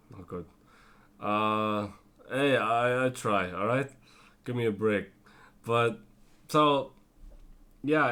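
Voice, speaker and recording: A tired man giving a casual spoken TV review, rambling with lots of fillers and self-corrections and slipping into quick character impressions. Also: mid-range voice, fairly bright tone. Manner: breaks into brief character impressions. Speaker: TV show reviewer.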